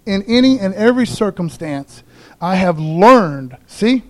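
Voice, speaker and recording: A man with a high voice preaches to his church in a loose, conversational way. He throws in jokey asides and keeps saying "man" and "you know" as he talks to the congregation. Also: lively intonation, normal speed, darkish tone. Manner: folksy, informal, says "man" and "you know" a lot. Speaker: pastor. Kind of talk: casual sermon. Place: church sanctuary.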